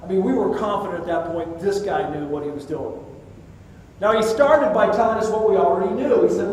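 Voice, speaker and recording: Older male keynote storyteller, voice pitched high, distant and roomy hall sound. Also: fast talker, a little mellow, slight background noise. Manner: vivid storyteller, acts out dialogue. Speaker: keynote speaker. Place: conference hall. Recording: echoey hall, distant mic.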